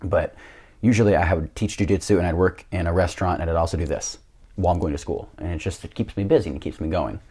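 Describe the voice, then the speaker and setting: Young man, deep voice, podcast guest; lively self-mocking storyteller who swears freely. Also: fast, breathy edge. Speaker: podcast guest, jiu-jitsu coach. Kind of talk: casual storytelling.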